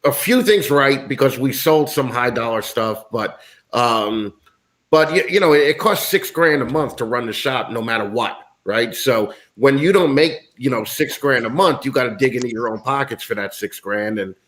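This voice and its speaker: A man's voice: mid-range voice, lively intonation, normal speed, fairly bright tone. A man from the United States, a guest in a casual chat, talking bluntly with lots of swearing and ranting.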